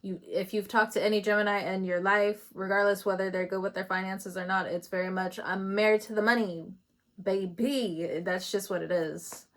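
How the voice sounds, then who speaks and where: A woman's voice: medium pitch, level tone, a little fast, hardly any pauses, fairly bright tone. A woman doing a casual tarot reading. She talks in a chatty, loose way, laughs often and swears casually. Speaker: tarot reader.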